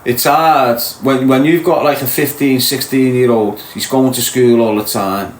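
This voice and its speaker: A man's voice: medium pitch, steady tone, measured pace. A Scouse man talks straight at his viewers, blunt and preachy, like a stern older brother laying down the law. His voice sits mid-range and carries through a roomy, echoey space. A faint hum of ambience sits underneath. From Liverpool, England. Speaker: podcast host. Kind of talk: live-stream monologue to viewers.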